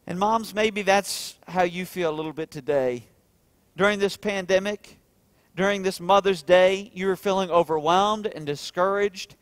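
Earnest pastor, bright dry voice. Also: male voice, sits high, dry recording. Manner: earnest, rising to emphatic peaks then dropping soft and tender. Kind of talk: sermon. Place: church.

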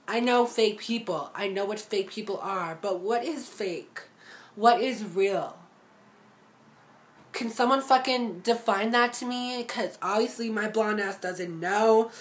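A young adult woman ranting to the camera in a casual vlog, sassy and profane, talking straight to her viewers and mocking other people's voices. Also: mid-range voice. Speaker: vlogger.

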